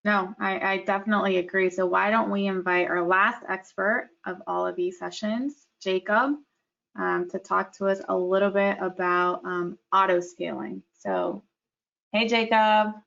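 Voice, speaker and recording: A friendly, upbeat woman hosts a casual webinar, introducing speakers with loose fillers. Her voice carries a gravelly fry at a middle pitch. The video call audio comes through dull and muffled. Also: measured pace, a bit bright. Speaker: host.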